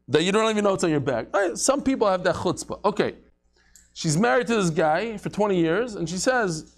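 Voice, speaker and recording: Male Talmud teacher, slightly high voice, casual lecture, chants quotes, quick to joke. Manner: lively, joking, chants Aramaic quotes.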